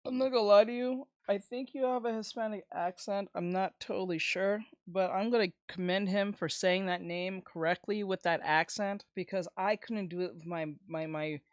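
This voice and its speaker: An American streamer reacts live to a video in a loose, chatty manner, stumbling over and repeating words and swearing freely. The voice sits at a middle pitch. It sounds close and dry, with no room echo. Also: fairly even intonation, moderate pace, hardly any pauses. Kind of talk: casual live-stream commentary.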